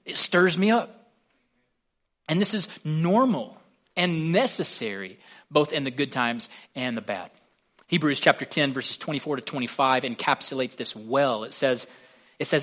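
A man delivering a sermon in an earnest pastoral voice of middle pitch. He leans hard into key words and lets them swell, then drops back to a calm, even teaching tone. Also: measured pace.

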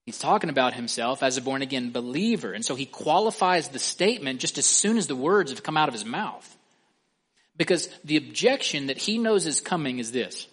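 A man preaching an expository sermon, emphatic, asking the listeners questions and slowing down or speeding up for stress. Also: medium pitch, animated, a bit bright, husky. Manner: emphatic, asks the listeners questions, varies pace and volume for stress.

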